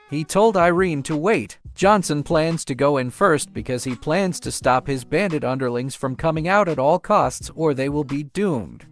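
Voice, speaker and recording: A man narrating a comic story recap in an animated storytelling way. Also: a little high, normal speed, few pauses, soft background music.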